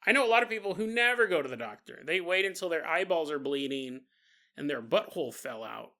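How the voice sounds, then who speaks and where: A man's voice: a little high, expressive, brisk, pushed and bright. A man hosting a podcast, telling a story in a comedic monologue, joking crudely and laughing often. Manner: crude humor. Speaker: podcast host.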